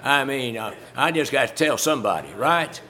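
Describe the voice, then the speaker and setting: A man's voice: mid-range voice, lively intonation, normal speed, bright, forceful tone. A man preaching a sermon in a folksy, conversational way, chuckling as he talks through a Bible story to his congregation.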